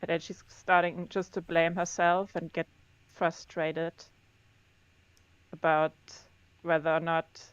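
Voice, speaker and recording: A woman's voice: fairly low pitch, little pitch movement, slow, long pauses, smooth, no echo, lo-fi sound. A woman playing a tabletop game, talking hesitantly through her character's choices. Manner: hesitant, filler-heavy. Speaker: player. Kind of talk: casual role-play.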